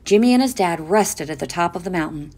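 A woman reading a children's picture book aloud, expressive. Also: on the low side, fairly quick. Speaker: storyteller.

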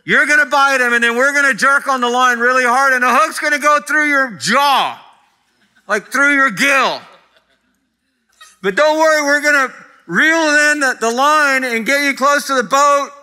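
A man voicing an overeager fisherman who loudly announces his plans to the fish. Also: very high-pitched, moderate pace, pitched above the performer's own voice, heavily acted. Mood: announcing. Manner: loud, jokey announcement.

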